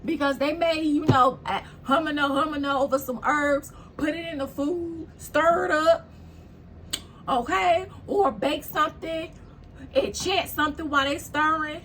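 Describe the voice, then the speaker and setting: A woman's voice: sits high, moderate pace, a bit bright, slight background noise. A woman giving a casual spiritual tarot reading, blunt and preachy, swearing freely as she talks. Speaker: tarot reader.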